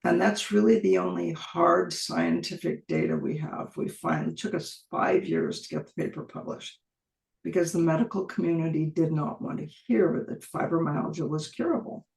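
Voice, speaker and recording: A woman guest in an interview, telling an animated story and acting out the dialogue she recounts. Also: deep voice, normal speed, vocal fry. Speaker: guest, clinician and researcher. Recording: roomy echo.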